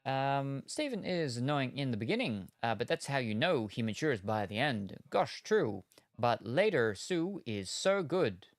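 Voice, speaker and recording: A man's voice: medium pitch, big pitch swings, a little slow, dry recording, studio quality. A man chatting casually while opening trading cards, rambling through meandering retellings full of hedges and trailing asides. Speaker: card-opening streamer.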